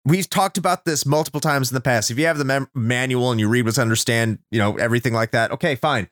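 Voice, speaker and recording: A man's voice: mid-range voice, fast, few pauses, fairly bright tone, dry recording, clean studio sound. A man co-hosting a casual podcast chat, ranting sarcastically and swearing often. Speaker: podcast co-host.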